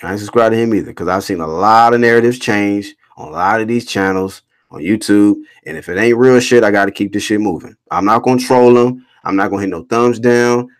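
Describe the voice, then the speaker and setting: A man's voice: lowish voice, fairly quick, hardly any pauses. A man hosting a casual boxing livestream, reading chat comments aloud and answering them in a blunt, slangy, swearing rant. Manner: blunt, animated, reads chat comments aloud and rants back.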